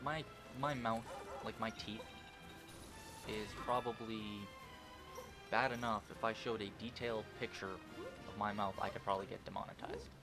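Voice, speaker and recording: A man's voice: on the low side, fairly even intonation, normal speed, long pauses, over music. A young man casually rambling through gameplay commentary at home, swearing often and restarting sentences with lots of fillers. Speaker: gaming channel host.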